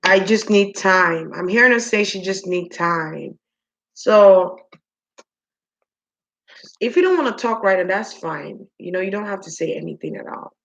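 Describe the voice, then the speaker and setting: The recording is rough, and the woman's mid-range voice is expressive and gravelly. Acting as a spiritual reader, she muses casually aloud, lengthening her words as she talks directly to the spirits.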